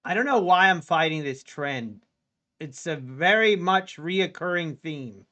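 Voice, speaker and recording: A man livestreaming his futures trading, anxiously talking to his chat and pleading with the market, going from low muttering to sudden yells. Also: animated, unhurried. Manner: talks to chat directly. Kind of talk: live trading stream commentary.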